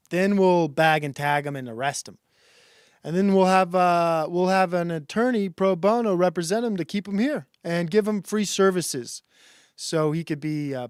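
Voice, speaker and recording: A man in his thirties hosting a stream, giving a sarcastic, deadpan satirical monologue that rambles with restarts and swearing. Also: fairly high pitch, no echo, studio quality. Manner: rambling, loose delivery with restarts. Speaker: stream host.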